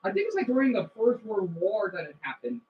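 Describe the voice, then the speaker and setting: A woman streaming a game on her phone and chatting excitedly with her viewers, often restarting her sentences. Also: mid-range voice, fast talker, slightly rough. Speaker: game streamer reading chat. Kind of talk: casual livestream chat. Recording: dull lo-fi phone audio.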